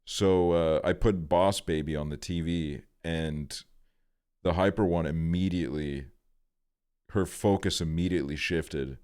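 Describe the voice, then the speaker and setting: A man's voice: low-pitched, steady tone, measured pace, a little mellow, clean tone. A young man streaming, telling a rambling story in a laid-back way and swearing often.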